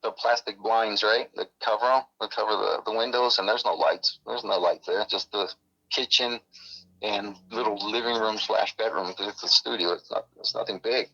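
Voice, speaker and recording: A military veteran telling a story in a rambling, self-interrupting way over a phone call. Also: male voice, on the low side, fairly even intonation, normal speed, creaky, pushed and bright. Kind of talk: casual storytelling. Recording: muffled phone line.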